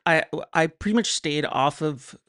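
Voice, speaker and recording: A guest on a casual podcast interview, speaking haltingly with many restarts and wry, deadpan humor. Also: mid-range voice, smooth. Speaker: podcast guest, writer and psychotherapist.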